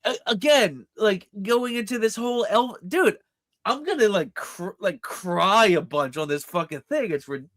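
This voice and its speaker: Excitable high-voiced man, dry sound. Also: a little slow, no echo. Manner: excitable, swears, stammering restarts. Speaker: podcast co-host. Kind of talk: casual chat.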